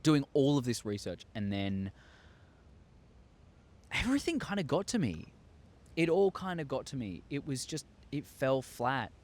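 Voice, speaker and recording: A young man telling a story to his viewers, excitable and acting out scenes with sound effects. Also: medium pitch, measured pace, long pauses. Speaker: YouTuber. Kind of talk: casual storytelling monologue.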